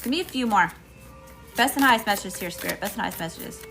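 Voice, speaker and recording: A woman's voice: mid-range voice, expressive, fast talker, vocal fry, music in the background. A middle-aged woman with a Southern US accent, giving an emphatic live tarot reading straight to her viewers. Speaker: tarot reader.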